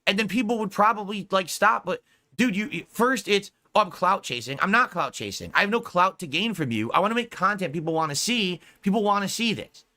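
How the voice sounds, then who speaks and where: Loud exasperated man ranting. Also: high voice, lively intonation, a little fast. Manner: exasperated, swears a lot, mocking quotes. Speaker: streamer host. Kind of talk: heated casual rant.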